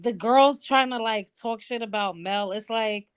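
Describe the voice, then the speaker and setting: Blunt, animated woman calling in. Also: on the high side, measured pace, clear, resonant tone. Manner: blunt, animated, swears freely. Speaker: guest caller. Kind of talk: casual chat.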